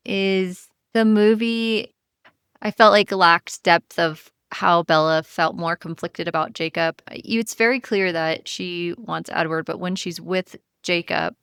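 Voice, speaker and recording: A woman's voice: fairly low pitch, fairly bright tone, smooth, no echo, clean studio sound. A woman co-hosting a book club podcast in casual chat, thoughtful and restarting her sentences now and then. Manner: thoughtful, many small restarts and agreeing murmurs. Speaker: podcast co-host.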